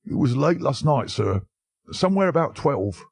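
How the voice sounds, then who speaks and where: A man voicing an excited male butler who gasps out urgent news. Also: mid-range voice, moderate pace, gravelly, slightly rough, no echo, clean studio sound, pitched above the performer's own voice, full character voice. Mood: alarmed. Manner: gasping, urgent. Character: excited male servant, breathless bearer of bad news.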